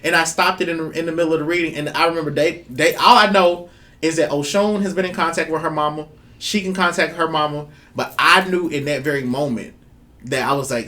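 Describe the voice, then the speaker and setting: A woman's voice: deep voice, brisk, fairly bright tone. A woman co-hosting a spiritual talk show, telling stories animatedly, swearing freely and acting out voices. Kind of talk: casual spiritual chat.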